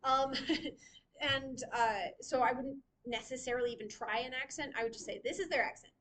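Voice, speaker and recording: High-voiced woman as a chatty workshop leader, giggling between points in a casual teaching style. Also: fairly even intonation, normal speed, a bit bright, rough recording. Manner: giggly, chatty, laughs often. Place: library meeting room.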